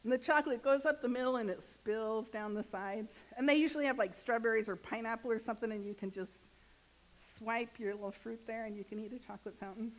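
High-voiced woman minister preaching conversationally. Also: fast, rough recording. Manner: conversational and joking, asks the congregation questions. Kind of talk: sermon. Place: church sanctuary.

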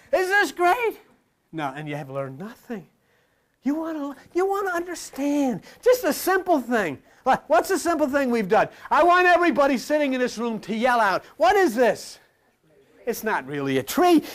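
An older man preaching a sermon to a congregation in a folksy, joking way, swinging between loud asides and low murmurs.

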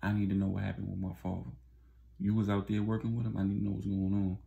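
A man doing a blunt, angry young man, gravelly. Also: fairly low pitch, monotone, quick pace, mellow, lo-fi sound. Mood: intense. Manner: blunt, intense.

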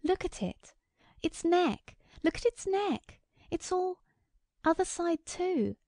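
A woman voicing a rural farm wife who rises into high, excited cries. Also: moderate pace, vocal fry, dry recording, clean studio sound. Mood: horrified.

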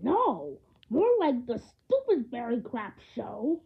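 A woman voicing a whiny, spiteful young bear, ranting in a sneering, drawn-out way on a dull lo-fi home recording. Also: a little high, wildly swooping pitch, gravelly, husky, heavily acted. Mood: scornful. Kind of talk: amateur grounded-video voice acting.

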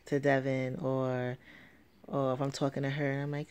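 A woman's voice: extremely low pitch, little pitch movement, takes it slowly, a little mellow, smooth. A young woman vlogging casually from home, rambling and chatty with many fillers. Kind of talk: casual vlog talk. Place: home, at night with sleeping baby.

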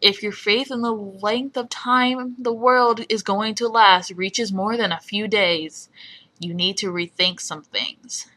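A woman putting on the voice of a calm, eerie male radio announcer, reading slowly and ominously in a husky voice. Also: medium pitch. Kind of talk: reading a fan-written radio bulletin.

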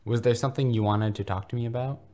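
A man's voice: mid-range voice, fairly even intonation, quick pace, a little mellow, voice pushed up, natural voice. A man voicing a kindly, folksy school reverend who speaks ponderously.

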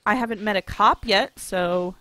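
A woman's voice: mid-range voice, normal speed, sharp tone. A woman commenting while playing a farming game, joking and swearing freely. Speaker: gamer. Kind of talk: let's play commentary.

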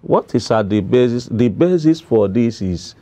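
A Nigerian clergyman reading scripture and explaining it slowly and deliberately, with some hesitations, in a Bible study. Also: medium pitch, animated, mellow, dry recording. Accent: Nigerian English. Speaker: Anglican clergyman. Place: television studio.

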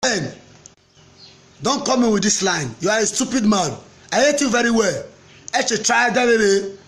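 Man, Nigerian accent, high voice, impassioned political rant, preachy and repetitive. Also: expressive, normal speed, a bit bright. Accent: Nigerian, Pidgin-inflected. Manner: preachy, repetitive, mixes Pidgin and English, breaks into chant. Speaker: political commentator.

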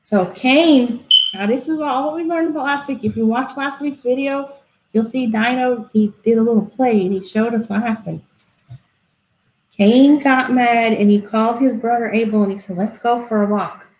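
A woman telling a Bible story to children in an animated way, asking them questions. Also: on the high side, moderate pace. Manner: animated, asks kids questions. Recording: echoey room.

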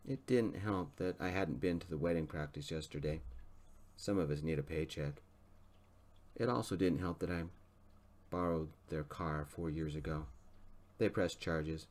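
A man reading a story aloud in a soft-spoken, gentle manner. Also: very deep voice, normal speed, long pauses. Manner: gentle, even reading pace.

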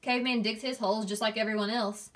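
A woman's voice: on the high side, steady tone, fast talker, fairly bright tone, lightly acted. A woman reading aloud, voicing a stern camp warden who speaks in a dry, clipped, sarcastic way. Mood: cold.

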